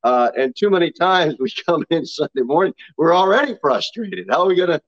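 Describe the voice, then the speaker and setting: Male pastor, lively pitch swings, folksy sermon delivery, muffled lo-fi recording. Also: brisk. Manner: folksy, laughing asides between scripture readings.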